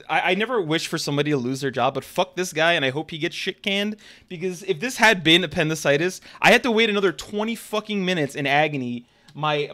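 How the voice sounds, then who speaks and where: A man streaming and telling a story to his chat in a casual, animated and profane way. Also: on the high side. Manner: animated, profane, emphatic retelling.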